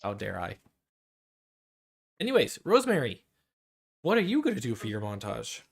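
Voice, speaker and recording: A man's voice: lowish voice, huge pitch swings, fast talker, vocal fry, slightly rough. A man narrating as game master of a tabletop game, rambling with frequent restarts. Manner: rambling with many restarts and fillers.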